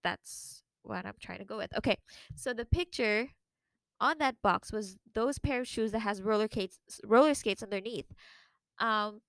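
A young woman hosting a casual solo podcast, chatty and animated, her voice leaping higher whenever she quotes herself. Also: moderate pace, gravelly, dry recording. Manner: chatty and animated, jumps to a high voice when quoting herself. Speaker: podcast host.

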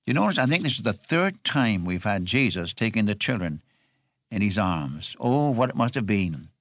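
A man's voice: on the low side, very animated, moderate pace, a bit bright, dry recording, studio quality. A man preaching an expository sermon in an earnest way, repeating phrases for emphasis.

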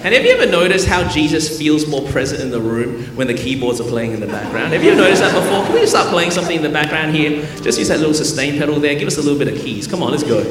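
Joking preacher in an echoey hall. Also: male voice, fairly high pitch, big pitch swings, racing, hardly any pauses, crowd noise. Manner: joking, call-and-response, rising to loud preaching. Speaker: pastor. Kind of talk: lively humorous sermon. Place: large church hall. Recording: echoey hall with keyboard music.

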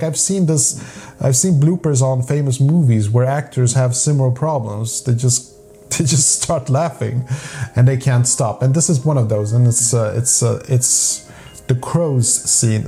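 A man's voice: medium pitch, a little slow, dark tone, soft background music. A man hosting a casual chat about making films, chatty and often laughing mid-sentence. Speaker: video host, amateur filmmaker.

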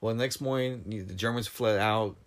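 A man's voice: on the low side, a little fast. Emotional man retelling a film. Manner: animated, emotional storytelling, voice rising when retelling scenes. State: near tears. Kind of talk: casual film discussion.

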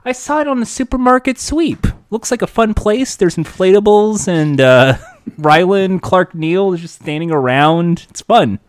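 Joking american dude on a podcast, kinda high voice, super dry mic. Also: male voice, animated, moderate pace, no echo. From United States. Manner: joking, trails off mid-sentence. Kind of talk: casual chat.

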